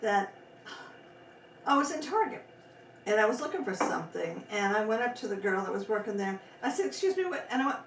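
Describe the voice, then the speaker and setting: Brief: mid-pitched woman co-host, lively and chatty, distant mic with faint noise. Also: brisk, vocal fry, pauses often, roomy sound. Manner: lively, warmly chatty, jumps pitch when quoting people. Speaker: podcast co-host. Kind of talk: casual chat.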